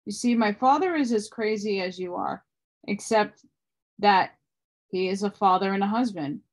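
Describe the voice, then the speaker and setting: A woman voicing a serious, daring young boy with a gruff manner while reading an audiobook aloud. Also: medium pitch, normal speed, lightly acted. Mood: earnest.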